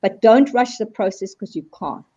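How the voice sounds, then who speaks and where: A woman speaking as a guest in a live video call discussion, animated and acting out quoted voices as she explains. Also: mid-range voice, moderate pace, slightly rough. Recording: dull lo-fi video call audio.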